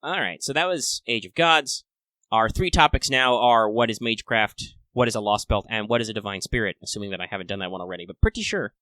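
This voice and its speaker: Male podcast co-host, bright tone, dry close sound, chatty and playful. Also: fairly low pitch, fast, no room sound. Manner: chatty, playful and upbeat, with excited asides. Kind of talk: casual fan discussion podcast.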